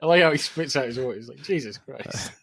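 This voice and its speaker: A young man co-hosting a film podcast in casual chat, rambling and laughing, often trailing off into a low mutter. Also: very fast, a bit bright. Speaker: podcast co-host.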